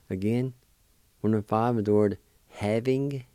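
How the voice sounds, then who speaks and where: A man hosting a language lesson, patiently spelling out words letter by letter and pronouncing each one slowly. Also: fairly low pitch, warm tone, clear, resonant tone, dry recording. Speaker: language teacher and radio host. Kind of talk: slow spelling and pronunciation lesson.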